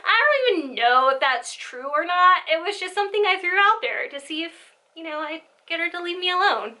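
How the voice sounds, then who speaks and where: A woman's voice: very high-pitched, expressive, brisk, few pauses, sharp tone, rough recording. A young woman telling a rambling, giggly storytime vlog with side tangents. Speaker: vlogger.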